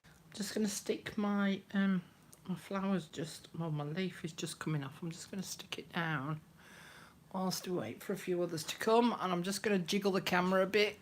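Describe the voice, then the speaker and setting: An older woman hosting a casual craft live stream, chatty and greeting viewers by name, her voice dropping to soft murmurs as she works. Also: on the low side, moderate pace, slight background noise.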